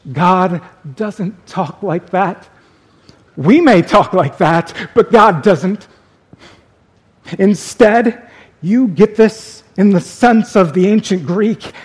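A man preaching a sermon as pastor, speaking slowly and deliberately with dramatic pauses. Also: high voice, darkish tone, husky.

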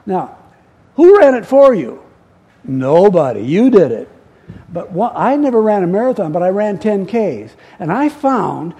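A man's voice: high voice, warm tone. A middle-aged male pastor preaching a sermon, emphatic, repeating key words and asking the congregation questions.

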